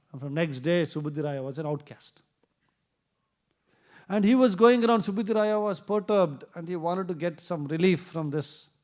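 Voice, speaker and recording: A man's voice: a little high, darkish tone. A man giving a temple class, telling a story and acting out the quoted dialogue with a rising voice. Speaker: temple speaker. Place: temple hall.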